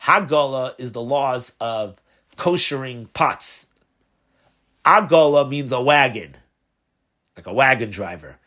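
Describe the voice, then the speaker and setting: Rabbi telling a story in class. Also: male voice, mid-range voice, slow, long pauses. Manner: animated storyteller, acts out voices, chuckles at his own story. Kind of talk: storytelling in a religious lesson.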